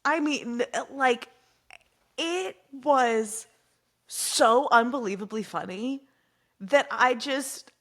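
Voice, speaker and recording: A woman's voice: on the high side, extremely slow, a bit bright. Rambling, giggly woman co-hosting a podcast. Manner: giggly, rambling with many fillers. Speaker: podcast co-host. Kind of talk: casual chat.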